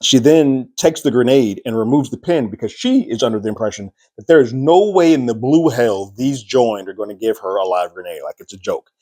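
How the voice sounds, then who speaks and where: A man's voice: medium pitch, lively intonation, fairly quick, few pauses, warm tone, dry recording. A man giving a casual spoiler review of a TV episode, retelling scenes and acting out characters' lines with raised voices.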